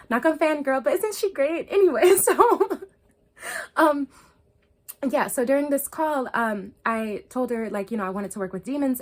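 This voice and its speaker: Chatty, profane woman telling a story. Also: mid-range voice. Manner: loose, profane and chatty, full of "like" and "um"; laughs often, jumping between hushed and excited. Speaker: spiritual vlogger. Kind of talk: casual storytime monologue.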